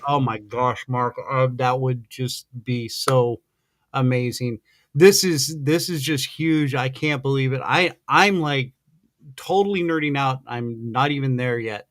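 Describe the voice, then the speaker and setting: A man hosting a podcast, chatting in an excited, rambling way, gushing like a fan over his guest. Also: mid-range voice, a little slow, dry recording, studio quality. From American Midwest. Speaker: podcast host. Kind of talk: excited casual interview chat.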